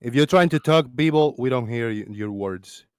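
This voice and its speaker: A man hosting a casual voice-chat stream, talking loudly and laughing often, with plenty of swearing, close to his desk microphone. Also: medium pitch, lively intonation, moderate pace, clear, resonant tone, dry recording. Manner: loud, laughing, profane. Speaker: stream host.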